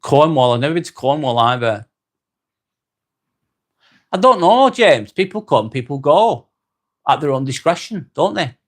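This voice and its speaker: A man with an East Lancashire accent hosting a live stream, chatting calmly with viewers, reading their comments and calling them mate as he winds down. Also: on the high side. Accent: East Lancashire English. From North West England. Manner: calm, unhurried, winding down, calls people mate.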